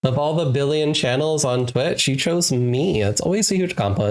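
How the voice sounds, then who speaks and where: An adult game streamer chatting casually with viewers during a live stream, playful and excitable, laughing often. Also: medium pitch, moderate pace, hardly any pauses. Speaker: wholesome RPG game streamer.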